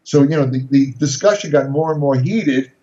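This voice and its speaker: An older man telling an animated story in an interview, often repeating words and restarting his sentences. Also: mid-range voice, moderate pace. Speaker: guest storyteller. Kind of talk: casual interview anecdote. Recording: echoey, slightly dull recording.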